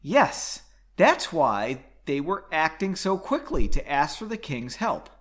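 A man's voice: on the high side, very animated, takes it slowly, fairly bright tone, exaggerated voice. A man voicing a panicked young male alchemist who talks in a fearful, wailing way. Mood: defeated.

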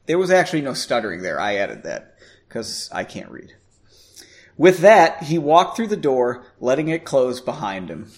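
A man's voice: medium pitch, sing-song, normal speed. A man casually reading a story aloud, stumbling over words and cracking self-mocking asides. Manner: self-mocking, stumbling, clears throat often. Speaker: amateur reader.

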